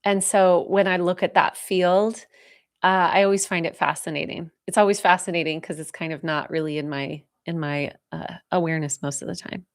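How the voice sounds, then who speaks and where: A woman giving a live spiritual talk, speaking softly and slowly with heartfelt pauses as she answers viewer questions, moved close to tears. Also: fairly low pitch, fairly even intonation. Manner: soft, heartfelt, slow and reflective with pauses.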